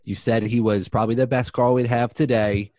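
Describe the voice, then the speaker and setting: A man's voice: medium pitch, flat delivery, a little fast, dark tone, no room sound. A man co-hosting a comedy radio show, in theatrical, mock-indignant banter. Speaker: radio co-host.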